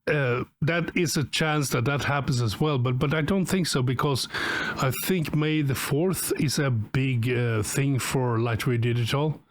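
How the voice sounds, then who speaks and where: A man's voice: medium pitch, a little slow, hardly any pauses. A man co-hosting a podcast and interviewing a guest in casual chat, hesitant with many filler sounds.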